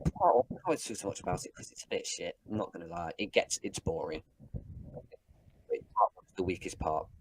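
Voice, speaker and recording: A man co-hosting a casual podcast review, talking bluntly and swearing freely, sometimes acting out scenes in quick voices. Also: low-pitched, big pitch swings, a little hiss or hum. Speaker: podcast co-host. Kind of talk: casual chat, episode review.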